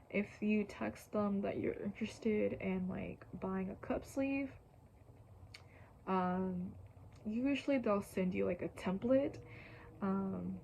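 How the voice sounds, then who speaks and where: A woman's voice: mid-range voice, dark tone, low-quality recording. Young woman vlogger, chatty and filler-heavy, a bit winded, dips into whispers. Faint background noise. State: slightly out of breath. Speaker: YouTuber. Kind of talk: casual how-to vlog.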